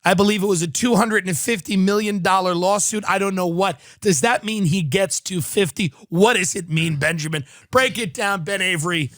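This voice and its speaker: A man hosts a comedy podcast, spinning a sarcastic, riffing rant. His voice sits high and sounds bright and forceful. The recording is dry and close. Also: normal speed, few pauses, no echo. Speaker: podcast host.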